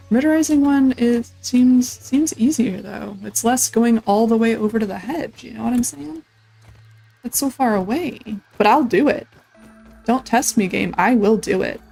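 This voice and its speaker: A woman casually commentating her survival game playthrough, chatting to the creatures on screen and breaking into excited yelps. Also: fairly high pitch, creaky, rough recording. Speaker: gameplay streamer. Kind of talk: casual let's-play commentary.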